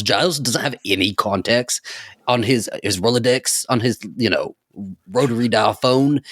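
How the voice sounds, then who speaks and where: A man's voice: mid-range voice, dry recording, clean studio sound. A man on a podcast, chatting casually and opinionated, stumbling over restarts and swearing. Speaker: podcast co-host.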